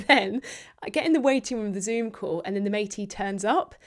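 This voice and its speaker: A woman co-hosts a casual comedy podcast. Her voice sits at an ordinary middle pitch, and she talks in a chatty, animated way, as if telling a long story to a friend. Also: normal speed. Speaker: podcast co-host.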